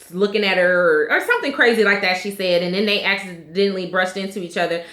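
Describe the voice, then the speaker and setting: A woman's voice: medium pitch, a bit bright. A woman in her thirties recapping a reality show in a chatty, opinionated way, full of fillers. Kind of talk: casual recap vlog. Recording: echoey room.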